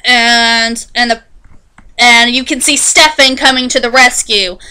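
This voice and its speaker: A woman casually recapping a TV episode in a chatty, animated way, often restarting her sentences. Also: on the high side, unhurried, smooth, poor audio. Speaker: TV show reviewer.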